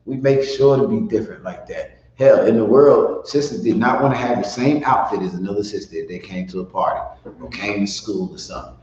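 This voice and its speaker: A man's voice: on the low side, brisk, a little mellow. A man leading a class in a blunt, profane, rambling way. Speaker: teacher. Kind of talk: casual spoken class. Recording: echoey room, dull lo-fi sound.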